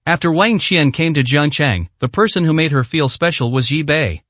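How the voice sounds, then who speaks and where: A man narrating a serialized web novel aloud with an even, steady read and the odd slip. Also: a little high, normal speed, hardly any pauses, dry recording. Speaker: audiobook narrator.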